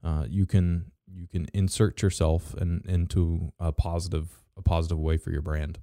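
Man, low pitch, warm dark voice, casual co-host, halting, lots of fillers, dry room. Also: flat delivery, no echo. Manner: halting, many fillers and restarts; dry sarcastic asides. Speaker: podcast co-host. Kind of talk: casual business chat.

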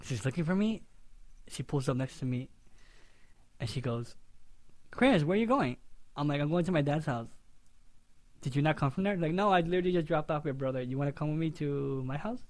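A young man co-hosting a podcast, telling a story with lively, loudly acted-out quotes. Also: on the high side, brisk, pauses often, dry recording. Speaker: podcast co-host. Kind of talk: casual storytelling chat.

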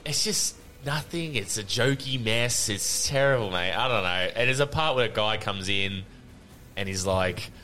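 A man hosting a casual, sweary chat, animated and laughing often. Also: fairly low pitch, normal speed, slight background noise. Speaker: podcast host.

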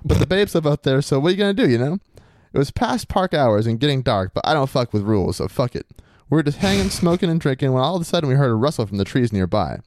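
A man's voice: medium pitch, expressive, fast talker, a little mellow, no room sound. A man hosting a podcast, reading a listener's story aloud in a swaggering, crude bro persona. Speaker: podcast host.

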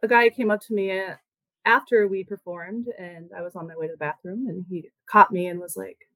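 A woman's voice: medium pitch, steady tone, brisk, a bit bright, dry recording, low-quality recording. A woman musician talking casually in an interview, chatty and loose, with lots of filler words. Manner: chatty, full of "like" and "you know" fillers. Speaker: musician and band member.

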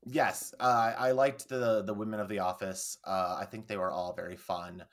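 A man's voice: on the low side, little pitch movement, moderate pace, a bit bright. A man co-hosting a film podcast in casual chat, rambling and swearing freely as he acts out quoted lines. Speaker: podcast co-host.

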